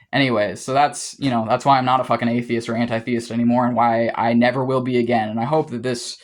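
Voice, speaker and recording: A man's voice: medium pitch, flat delivery, brisk. Heated, profane young man ranting. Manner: heated, profane and rambling, with frequent restarts. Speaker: vlogger. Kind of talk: casual monologue to camera.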